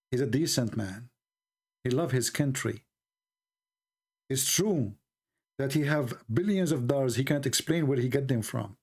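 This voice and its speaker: A man's voice: mid-range voice, darkish tone. Sarcastic man with a Middle Eastern accent. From Middle East. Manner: mocking, sarcastic, broken English. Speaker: show host. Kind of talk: sarcastic livestream monologue.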